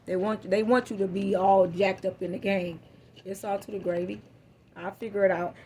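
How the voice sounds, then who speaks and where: A woman's voice: mid-range voice, steady tone, moderate pace, warm tone, slight background noise. A woman giving a casual live tarot reading into a phone, blunt, profane and fired-up as she talks to viewers. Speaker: tarot reader.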